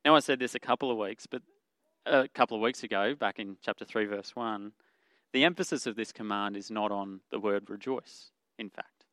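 A man preaching a sermon in an earnest, conversational way, pausing with fillers and correcting himself, and dropping softer when he quotes scripture. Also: on the low side, no room sound. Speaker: pastor.

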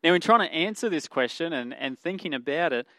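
A man preaching a sermon in an earnest, conversational way, pausing with fillers and correcting himself, and dropping softer when he quotes scripture. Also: fairly high pitch, animated, no room sound. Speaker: pastor.

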